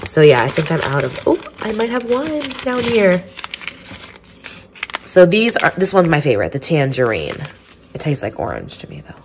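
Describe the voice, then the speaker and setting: Woman vlogger, nasal with a head cold, lowish voice, chatty and upbeat. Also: sing-song, normal speed, background noise. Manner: chatty, upbeat, many fillers. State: stuffy nose from a cold. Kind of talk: casual vlog chat.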